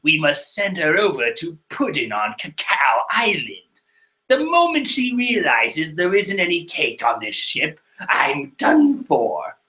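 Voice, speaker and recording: A man's voice: a little high, huge pitch swings, measured pace, sharp tone, heavily acted. A man voicing a nervous, scheming male henchman with an anxious, fretful delivery while reading a comic aloud.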